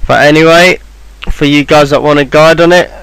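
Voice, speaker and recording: Offhand rambling man with a smooth voice. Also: a little high, fairly even intonation, moderate pace, fairly bright tone, dry recording, poor audio. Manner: rambling, offhand, lots of fillers and restarts. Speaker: game guide maker. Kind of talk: casual game walkthrough voice-over.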